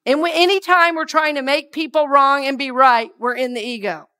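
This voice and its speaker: A woman minister delivering a sermon, moving between hushed scripture reading and lively call-and-response affirmations with her congregation. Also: high voice, moderate pace.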